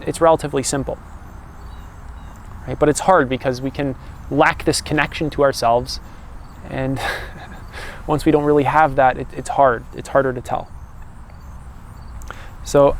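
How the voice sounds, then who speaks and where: A young male coach muses aloud in a relaxed, unscripted way, often tagging his points with a questioning "right?". His voice has a gravelly, creaky texture at a middle pitch. Faint street ambience sits quietly under him. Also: a little hiss or hum. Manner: calm, loose, many "right?" tags and restarts. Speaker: personal growth coach. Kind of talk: casual reflective monologue.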